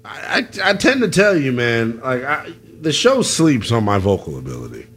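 Playful, lively sports radio host man. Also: medium pitch, normal speed, slightly rough. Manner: playful, joking, lively delivery. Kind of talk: casual radio chat and show sign-off.

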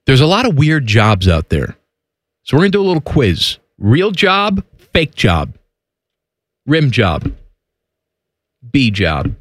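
A man's voice: medium pitch, wildly swooping pitch, slow pace, long pauses, no room sound. A man co-hosting a radio talk show, bantering and teasing his partner with jokes. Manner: teasing, joking. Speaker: radio co-host.

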